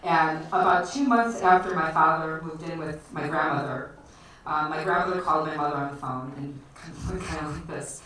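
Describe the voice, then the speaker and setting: A woman's voice: deep voice, moderate pace, a bit bright. Chicago woman telling a story at a bar night, laughs a lot, far mic, really echoey, faint hiss. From Chicago area. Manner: chatty, laughs often, many fillers. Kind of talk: live personal storytelling. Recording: echoey live room, distant mic, faint noise.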